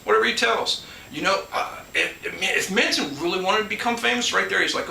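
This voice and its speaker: A man's voice: high voice, brisk, creaky, bright, forceful tone, far from the mic. A man hosting his own channel, talking in a casual, rambling monologue full of restarts and asides. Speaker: collector and channel host. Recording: echoey room, off mic, faint background hum.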